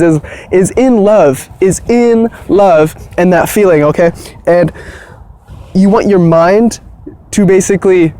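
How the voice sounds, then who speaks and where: A man's voice: high-pitched, darkish tone. A man talking casually to camera about spirituality, earnest and reassuring, often repeating himself and checking in with "okay?". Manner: soothing, reassuring. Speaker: spiritual vlogger.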